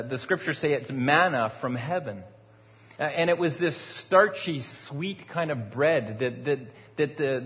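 A pastor preaching a sermon in a conversational way, with rhetorical questions and frequent restarts. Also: male voice, fairly high pitch. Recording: dull sound with long hall reverb.

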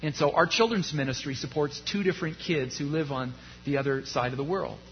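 A man preaching a sermon as a pastor, his delivery rising to emphasis and dropping low. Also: fairly quick, muffled recording, soft background music.

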